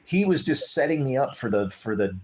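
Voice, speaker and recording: A man telling a personal story in casual conversation, rambling and animated, acting out what others said. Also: mid-range voice, a little fast, slight background noise. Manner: rambling, animated, acts out quoted voices. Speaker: guest telling his story.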